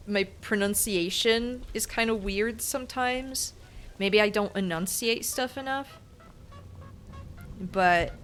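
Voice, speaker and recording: A woman's voice: medium pitch, a bit bright. A young adult woman streaming a game, chatting casually in a rambling, self-conscious, giggly way. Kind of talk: casual gaming stream chat.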